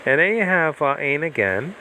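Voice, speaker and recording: A man's voice: a little high, big pitch swings, normal speed, sharp tone, a little hiss or hum. A man teaching biblical Greek in a rambling, chatty livestream lesson from his self-built house, digressing often and filling gaps with ums and restarts. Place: self-built cement-block house during a typhoon.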